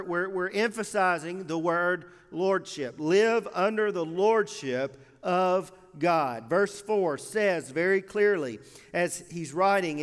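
Male pastor preaching, high voice, emphatic with deliberate pauses, long church reverb. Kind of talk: sermon. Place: church sanctuary.

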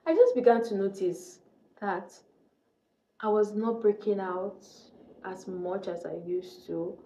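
A woman's voice: medium pitch, takes it slowly, mellow, roomy sound, muffled recording. A young woman vlogger from Nigeria telling a faith testimony, earnest and repeating key phrases for emphasis.

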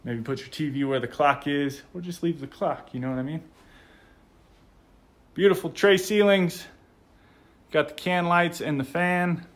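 An American man with a slightly higher voice than most, gushing about each room as he walks through a model home. His delivery is casual and upbeat, like a friendly vlogger filming as he goes. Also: measured pace, pauses often, a bit bright. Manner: enthusiastic, gushing. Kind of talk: casual walkthrough narration.

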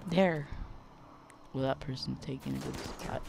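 Excitable let's-play commentator with a gravelly edge. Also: medium pitch, slow, very noisy. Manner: excitable, gasping and exclaiming at the action. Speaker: game commentator.

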